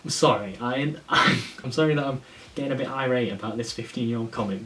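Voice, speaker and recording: A man's voice: mid-range voice, fairly quick, a bit bright. A man talking through a casual review, rambling and enthusiastic, swearing when he gets worked up. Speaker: comic reviewer. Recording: faint hiss, slightly distant mic.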